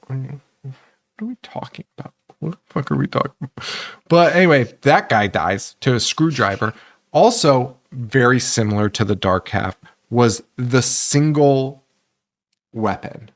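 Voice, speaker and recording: A man's voice: medium pitch, expressive, measured pace. A man co-hosting a horror movie podcast, talking casually, swearing a lot, laughing often and acting out lines from films. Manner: profane, laughing, acts out movie lines in put-on voices. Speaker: podcast co-host.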